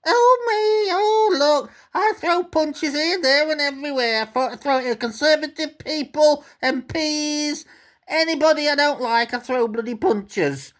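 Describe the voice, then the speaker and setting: A woman mimicking a self-pitying male pundit as a crybaby, in a high, sobbing, mocking whine. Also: measured pace. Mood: whining.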